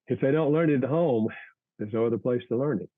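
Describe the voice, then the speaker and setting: A male author giving earnest, measured advice as an interview guest, often restarting his sentences. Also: medium pitch, dry recording. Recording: tinny phone-like line, dry.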